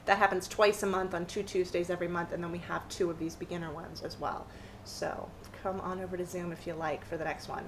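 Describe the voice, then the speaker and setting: A woman teaching a live online ukulele jam, explaining patiently step by step and counting beats out loud. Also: fairly low pitch, flat delivery, fairly quick, background noise. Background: ukulele playing.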